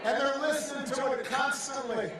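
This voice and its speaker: Male rally speaker, high-pitched, wry and deliberate, distant echoey venue. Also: steady tone, a crowd in the background. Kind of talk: campaign speech.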